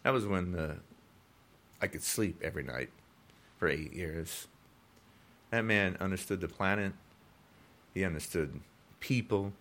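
A sixty-year-old man rants about politics on his own podcast, heated and repetitive, his voice jumping up whenever he gets indignant. It sits low and is a bit bright, and he talks a little slowly with frequent pauses.

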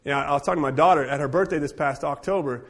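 A man leads a casual church group discussion, telling stories with quick jokes and asides. His voice sits a little high for a man. He sounds lively and talkative. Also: slightly rough. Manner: animated, jokey storyteller with quick asides.

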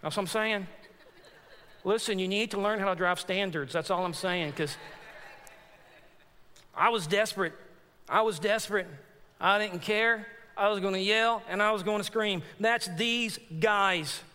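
High-voiced man preaching in a reverberant church. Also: moderate pace, smooth. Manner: animated, repeats phrases for emphasis, addresses congregation. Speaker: pastor. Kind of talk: sermon with personal story. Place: church sanctuary. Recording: long hall reverb in church.

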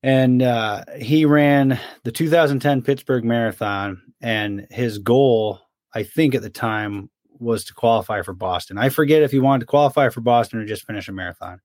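Podcast co-host, young adult man, mid-pitched, dry close recording, chatty storyteller who acts out his buddy's complaints. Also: moderate pace, few pauses, no room sound. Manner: animated storyteller, mimics his friend's complaints. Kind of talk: casual storytelling chat.

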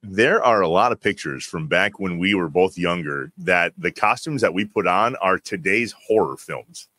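A man's voice: sits low, animated, normal speed, sharp tone, dry recording. A man from Wisconsin hosting a podcast in an easygoing way, leading into segments and reacting with enthusiasm. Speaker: podcast host. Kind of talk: casual chat and segment hosting.

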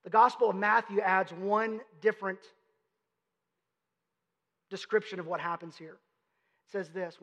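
A man's voice: sits high, fairly bright tone, dull audio. A man, a pastor, preaching a conversational sermon full of emphatic rhetorical questions. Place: church sanctuary. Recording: long hall reverb.

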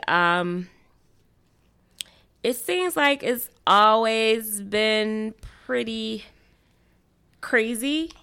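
A woman in her forties, a mother, talking casually on a podcast in a halting way, with many pauses and fillers. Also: medium pitch, vocal fry, pushed and bright, smooth. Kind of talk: casual conversation.

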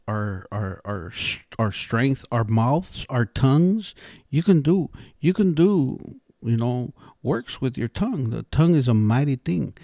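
A man talking casually and earnestly, looping back over his words and restarting his thoughts as he tells a story. His voice sits at an ordinary middle pitch. The sound is dry and close, with no room echo. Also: vocal fry, darkish tone. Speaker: interviewee sharing life philosophy.

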